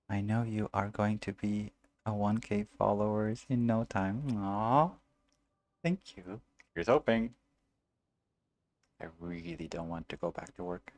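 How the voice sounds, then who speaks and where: Male game streamer, gravelly low voice, chatty, answers viewers as he plays. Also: unhurried, pauses often, a little mellow. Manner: chatty, reads and answers viewers, muses aloud. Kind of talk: casual let's-play chat.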